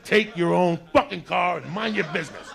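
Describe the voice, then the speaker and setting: Gravelly profane male stand-up comic. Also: sits high, animated, brisk, fairly bright tone. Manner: profane, rambling, conversational; acts out other people's lines in put-on voices. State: a little high. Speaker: stand-up comedian. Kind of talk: stand-up storytelling.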